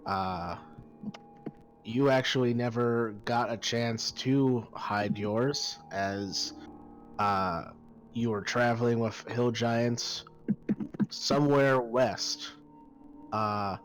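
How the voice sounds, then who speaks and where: A man narrating as game master of a tabletop game, pausing often and filling gaps with "uh" and "like" as he describes the scene. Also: mid-range voice, poor audio. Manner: hesitant, full of pauses and fillers. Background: faint background music.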